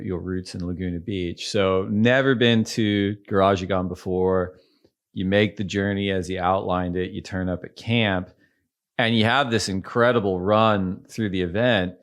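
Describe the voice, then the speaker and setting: Male podcast host, low voice, thoughtful, halting long questions. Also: fairly even intonation. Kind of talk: conversational interviewing.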